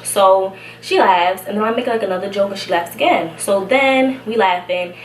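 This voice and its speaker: A woman's voice: medium pitch, normal speed. A young woman from Brooklyn telling a casual, slangy storytime as a vlogger, slightly out of breath. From Brooklyn, New York. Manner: chatty, slangy, laughs often. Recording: echoey room, somewhat far from mic, faint hiss.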